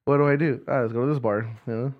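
A man's voice: mid-range voice, fairly even intonation, quick pace, phone-quality sound. A young man co-hosting a casual podcast, telling rowdy stories full of swearing and laughter. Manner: profane, laughing storyteller. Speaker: podcast co-host. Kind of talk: casual chat.

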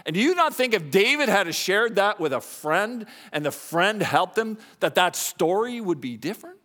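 Animated preaching man, lively pitch. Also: normal speed. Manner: animated preaching, swings between soft confessional lows and raised emphatic highs. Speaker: pastor. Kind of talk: sermon. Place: church sanctuary.

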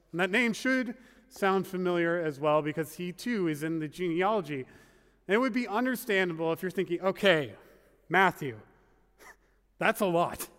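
A man's voice: fairly high pitch, fairly bright tone, smooth. A man preaching a sermon as pastor in a conversational, wry way, full of asides. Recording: long reverb of a large hall.

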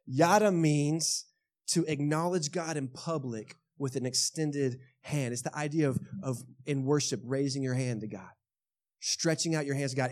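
A man with a Texan accent preaches to his church in a conversational way, often checking in with the congregation. His voice sits a little high. He tells stories with big swings of energy and sometimes shouts. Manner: lively storytelling with bursts of shouting; conversational, asks the congregation questions. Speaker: pastor. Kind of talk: sermon. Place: church sanctuary.

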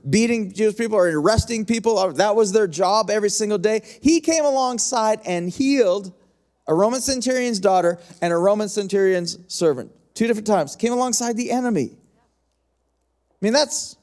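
A middle-aged man preaching a sermon as pastor, in a conversational, repetitive style that slows down to stretch key lines. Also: sits high, expressive, darkish tone.

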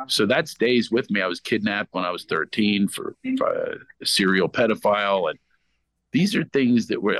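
A middle-aged man from Philadelphia, a comedian guest on a podcast, telling an animated story that he breaks up with impressions. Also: low voice, dry recording, rough recording. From Philadelphia, United States.

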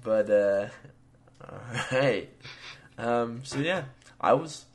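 This man hosts a podcast in a mid-range voice at a slow pace. Relaxed and full of fillers and chuckles, he chats casually before reading aloud a story he wrote.

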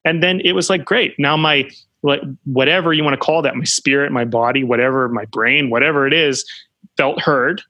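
A man talking in a relaxed podcast conversation, animated and full of fillers, acting out the voices of the people he quotes. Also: mid-range voice, moderate pace, no room sound, muffled recording. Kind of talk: casual conversation.

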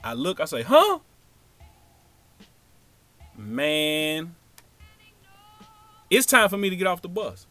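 A man's voice: a little high, a little slow, long pauses, no echo, faint music behind. A man telling a childhood story as stand-up comedy, acting out each character. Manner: animated, acts out every character.

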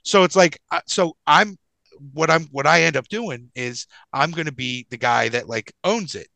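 A young man telling a story in casual podcast chat, animated and swearing freely, acting out the people in his story. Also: on the high side, moderate pace, vocal fry, no room sound. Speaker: podcast co-host.

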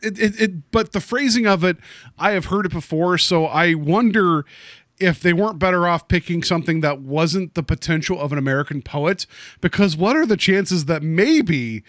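A man's voice: sits high, expressive, normal speed, fairly bright tone, no room sound, clean studio sound. A man casually discussing a movie on a podcast, joking and rambling with lots of fillers. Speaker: podcast co-host.

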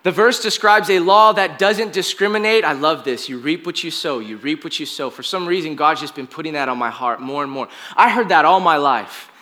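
A man's voice: on the high side, fairly quick, hardly any pauses, sharp tone. A young man preaching a conversational, confessional sermon as a pastor, peppered with casual filler words.

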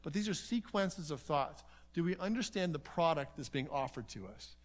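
At a moderate pace and with a voice on the high side, a man gives a conversational conference seminar. He's an animated storyteller who acts out conversations and often goes off on asides.

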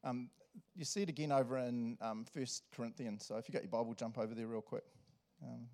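A man preaching a sermon, animated and laughing often. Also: medium pitch, fairly quick. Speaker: pastor.

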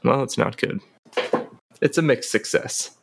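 A man speaking as a player in a tabletop role-playing game, dry and deliberate. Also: medium pitch, gravelly, slightly rough. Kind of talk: casual tabletop game play.

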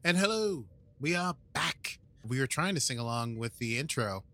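A man hosts a casual podcast in a bright, forceful voice. He jokes around, laughs easily and then settles into recapping an episode. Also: medium pitch, expressive, moderate pace, a little hiss or hum. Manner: playful, jokey, laughs often. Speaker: podcast co-host.

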